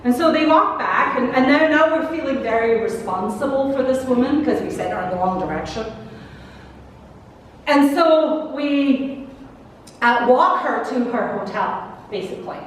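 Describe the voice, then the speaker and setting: Canadian woman pastor, bright high voice, preaching from far off in a long-reverb sanctuary. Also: animated, normal speed. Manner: chatty, storytelling with asides and laughs. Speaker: minister. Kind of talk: sermon reflection told as a story. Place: large church sanctuary. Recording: echoey church hall from far off, faint noise.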